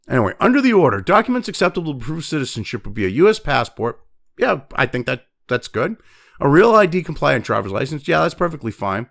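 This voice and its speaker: A man from New Hampshire rants through the news, profane and exasperated, his sarcasm never letting up. His voice sits fairly high and swings widely in pitch. A gravelly edge runs under it. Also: very animated, brisk, fairly bright tone. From New Hampshire, USA. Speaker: news commentary host. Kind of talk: ranting news commentary.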